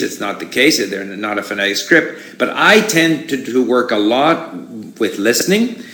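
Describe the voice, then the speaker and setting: A man answering audience questions in a relaxed, rambling way, with frequent restarts and fillers. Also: medium pitch, echoey room. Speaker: conference speaker answering questions. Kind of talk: casual spoken talk with audience questions.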